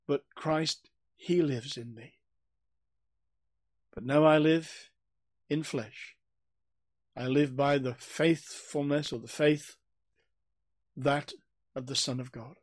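Speaking slowly with frequent pauses, a man with a slightly high voice and steady tone teaches an expository sermon on the Bible, with no echo in the recording. His delivery is earnest and emphatic, with phrases often repeated and restarted.

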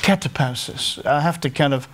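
In a voice slightly higher than most men's, a middle-aged man with an English North Staffordshire accent gives a sermon in an easy, conversational style. He pokes fun at himself and often breaks off haltingly to start phrases over.

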